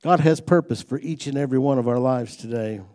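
A man's voice: medium pitch, a little fast, warm tone. A man delivers a sermon in a folksy, conversational manner. He mixes light humor with rising emphasis on his main points, sounding like a pastor talking straight to his congregation.

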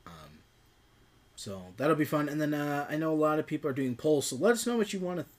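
A man's voice: on the high side, animated, brisk, darkish tone. Male co-host, from Minnesota, loose, rambling delivery. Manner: rambling, filler-heavy. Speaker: podcast co-host. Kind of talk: casual podcast chat.

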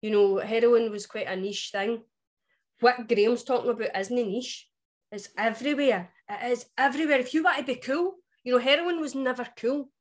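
A woman's voice: fairly high pitch, normal speed. A woman with a West Coast Scottish accent, co-hosting a podcast in casual chat, emphatic and blunt, swearing freely. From West Coast of Scotland. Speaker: podcast co-host.

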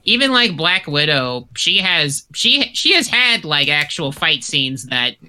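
Guy with a really bright clear voice ranting casually, lots of restarts. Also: a little high, unhurried. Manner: opinionated, animated, repeats words when starting. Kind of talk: casual chat.

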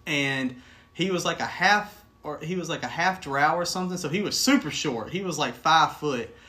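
A man chatting casually on a podcast, telling stories with animated enthusiasm. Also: on the high side, moderate pace. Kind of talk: casual chat.

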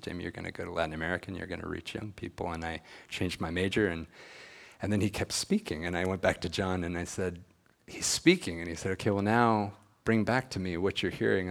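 A man's voice: deep voice, vocal fry. A middle-aged man giving an earnest personal testimony, acting out the dialogue he recalls. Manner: earnest storytelling, acts out quoted dialogue. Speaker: speaker at a church gathering.

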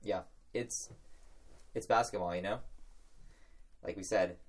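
A man's voice: sits low, measured pace. A young man co-hosting a casual sports podcast, easygoing and laughing along. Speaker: podcast co-host.

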